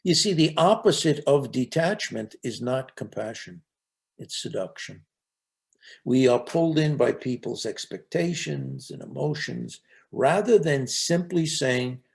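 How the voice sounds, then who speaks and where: An older man with a gravelly edge gives a reflective talk on resilience and spiritual life, telling anecdotes in an earnest way. His pitch rises and falls in a lively way, and he often stumbles and repeats a word when starting a thought.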